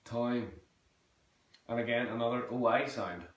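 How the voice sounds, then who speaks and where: A young man teaching an online drama lesson, relaxed and full of ums as he demonstrates sounds. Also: on the low side, moderate pace. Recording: echoey room, mic at a distance.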